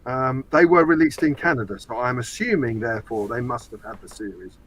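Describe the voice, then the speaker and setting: A man's voice: medium pitch, expressive, fairly quick. A man in an ordinary middle register speaks as a guest, explaining things at length in easy conversation. A faint hiss sits under his voice. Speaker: guest, fan website editor. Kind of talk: casual chat. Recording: faint background noise.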